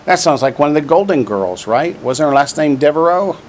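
A man's voice: on the high side, animated, fairly quick, slight background noise. A man teaching a class from a textbook, drilling vocabulary and adding dry joking asides. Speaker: Hebrew teacher. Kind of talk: classroom lesson, reading from a textbook.

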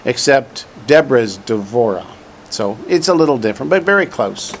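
A man's voice: mid-range voice, animated, moderate pace, slight background noise. A man teaching a class from a textbook, drilling vocabulary and adding dry joking asides. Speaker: Hebrew teacher. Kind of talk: classroom lesson, reading from a textbook.

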